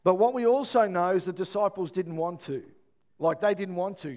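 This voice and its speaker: Male pastor, middle-aged, lively storytelling sermon, higher voice. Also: a little fast. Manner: animated storytelling, acts out voices.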